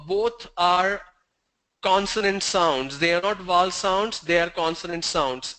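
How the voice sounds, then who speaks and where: A man's voice: high voice, a little slow, bright, forceful tone, clean tone, low-quality recording. A middle-aged man teaching English pronunciation in an online lesson, drilling sounds letter by letter and correcting common mistakes.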